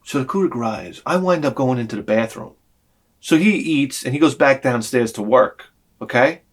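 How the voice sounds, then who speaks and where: A man's voice: mid-range voice, animated, moderate pace. A man telling an exasperated, profane story in a sarcastic comic rant on his vlog. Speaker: vlogger.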